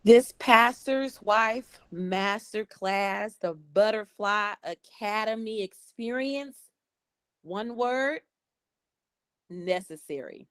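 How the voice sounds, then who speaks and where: A pastor's wife speaking on a video call, measured, earnest and thankful. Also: female voice, medium pitch, clear, resonant tone, dry recording.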